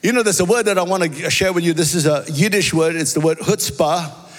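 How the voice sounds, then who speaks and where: A pastor with a Singaporean accent, preaching a sermon and telling stories, often asking "amen?" and "right?". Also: male voice, fairly high pitch, a little fast. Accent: Singaporean English. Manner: storytelling, animated, repeats phrases, asks "amen?" and "right?". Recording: long reverb of a large hall.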